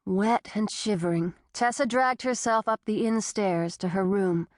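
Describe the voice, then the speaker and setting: A woman narrating an audiobook thriller in a steady, even storytelling manner. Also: medium pitch, unhurried, no echo, studio quality. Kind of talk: scripted narration.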